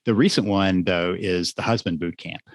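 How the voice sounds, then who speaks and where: A man who works as a marriage therapist, guest on a podcast interview, explaining things in a measured way with examples from his sessions. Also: low voice, no echo.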